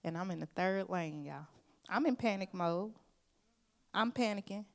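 A woman preaching a sermon. Her delivery is earnest and emphatic, and she speaks to the congregation in a loose, conversational way, calling them "y'all." Her pitch sits at an ordinary middle height. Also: a little slow, creaky. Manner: informal, conversational phrasing. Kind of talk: sermon with personal testimony.

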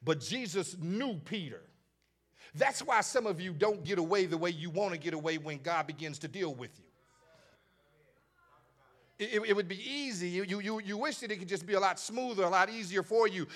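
Man preaching a sermon; high, bright voice, fervent build with stammered repeats. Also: animated, moderate pace. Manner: preaching cadence with repeated stammers and rising fervor.

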